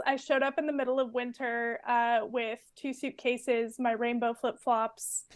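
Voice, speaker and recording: A woman's voice: fairly high pitch, flat delivery, a little slow, hardly any pauses. A woman from California in her twenties, a guest anthropologist chatting casually in a podcast interview, with a loose style full of fillers and laughs.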